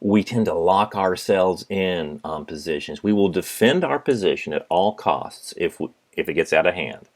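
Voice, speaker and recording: A middle-aged man giving a business lecture as a professor, telling stories in an animated way and acting out the people in them. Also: low voice, normal speed, hardly any pauses. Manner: animated storytelling, acts out his father. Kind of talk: recorded lecture.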